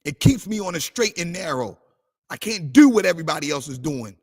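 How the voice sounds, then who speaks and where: Preaching for a livestream, the pastor speaks briskly in a highish, sing-song voice with a breathy edge. His delivery is fervent, built on call-and-response and slipping into sung phrases.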